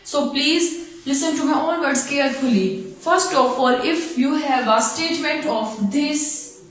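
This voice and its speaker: A woman with a Pakistani English accent giving an online spoken English lesson, slowly spelling out letters and sounds. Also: high voice. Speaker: English teacher. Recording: very echoey room.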